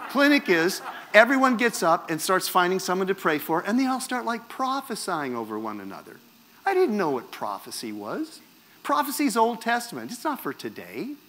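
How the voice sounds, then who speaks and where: A man from Canada, preaching a personal testimony in a wry, self-mocking storytelling manner. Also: sits high. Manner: animated, wry, self-mocking storyteller who acts out quotes.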